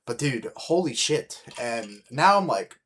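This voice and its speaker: Brief: podcast host, man, loose animated storyteller, heavy swearing, average pitch. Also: slow pace. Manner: animated, profane, rambling with many "like" fillers. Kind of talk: casual storytelling chat.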